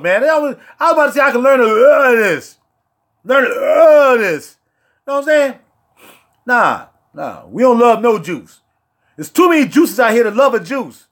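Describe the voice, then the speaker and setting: The fragrance reviewer's voice here is very high-pitched and fairly bright. Hosting his casual livestream, he jokes around in street slang, breaking into playful outbursts.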